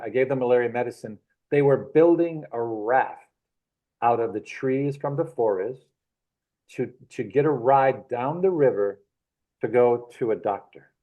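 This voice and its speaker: A middle-aged man, the guest, telling rambling adventure anecdotes in a casual, animated way with frequent chuckles. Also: mid-range voice, poor audio. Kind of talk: casual storytelling.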